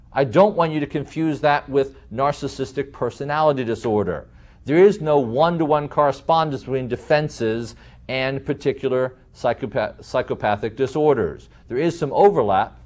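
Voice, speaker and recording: A man lecturing in a deliberate way, slowing down to stress key terms and explaining with vivid everyday examples. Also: medium pitch.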